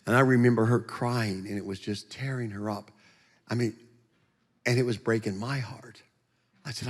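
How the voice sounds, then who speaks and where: An animated man giving his testimony from a church platform, joking and acting out voices as he goes. His fairly low voice carries a long reverb through the church sanctuary. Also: normal speed, pauses often. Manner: animated, joking storyteller who acts out voices. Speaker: guest speaker giving a testimony.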